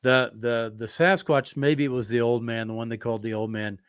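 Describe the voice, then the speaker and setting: A man hosting a casual interview, unhurried and chatty as he tells stories. His voice sits in a middling range and is recorded dry, close and with no room sound. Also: mid-range voice, smooth, dry recording. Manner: relaxed storytelling, drawn-out fillers. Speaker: podcast host.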